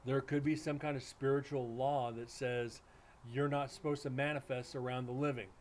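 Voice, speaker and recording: A man's voice: mid-range voice, moderate pace, slight background noise. Man telling a ghost story. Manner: rambling, animated storytelling with many restarts and quoted dialogue. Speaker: paranormal investigator. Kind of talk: casual storytelling on a live stream.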